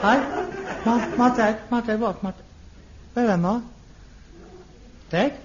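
A middle-aged man, acting in an old TV sitcom, theatrical and excitable, muttering one moment and ranting the next. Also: very high voice, slow pace. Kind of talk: 1960s-70s TV sitcom acting. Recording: lo-fi archive TV sound with faint hiss.

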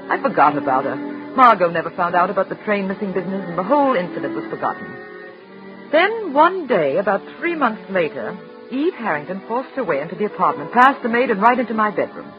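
An actress playing a composed married woman who narrates and speaks in a crisp, reserved and firm way, in a 1940s radio drama. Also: mid-range voice, sing-song, brisk, close to an everyday voice. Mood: narrating. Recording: muffled old radio recording with music.

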